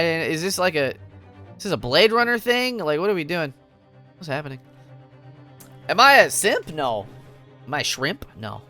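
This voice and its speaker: Young man, game streamer, giggly, playful, swooping pitch, crisp bright tone. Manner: playful, giggly, chatting with viewers. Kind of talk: casual live-stream game commentary.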